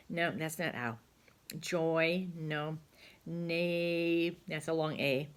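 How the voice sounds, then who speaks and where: A woman teacher leads young children through a phonics lesson. She speaks low and slowly, patiently sounding out each word aloud. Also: steady tone.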